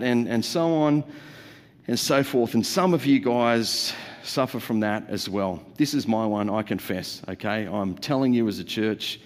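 A man's voice: medium pitch, long reverb tail. A man preaching a sermon in a church, jokey and conversational, with playful asides to the congregation. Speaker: pastor. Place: church auditorium.

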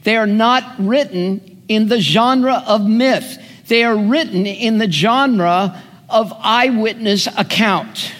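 A man preaching a sermon as a pastor, telling stories earnestly with drawn-out pauses. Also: sits high, a bit bright. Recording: long hall reverb.

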